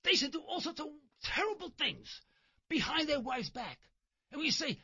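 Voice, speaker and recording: A man's voice: extremely high pitch, wildly swooping pitch, moderate pace, creaky, bright, forceful tone, lo-fi sound. A man hosting a talk radio show, delivering a sarcastic, mocking monologue from his car while driving. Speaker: radio host.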